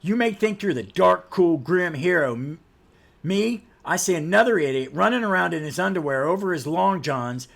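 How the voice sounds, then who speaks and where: A man's voice: sits high, animated, normal speed, vocal fry, voice pushed up, exaggerated voice. A man voicing a brash, mouthy young male hero who talks back with cocky sarcasm. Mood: heated.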